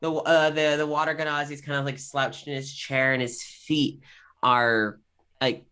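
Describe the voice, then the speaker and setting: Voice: mid-range voice, level tone, moderate pace, sharp tone, clear, resonant tone. A game master narrating a tabletop game scene in a loose, rambling way with many fillers. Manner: rambling, filler-heavy description.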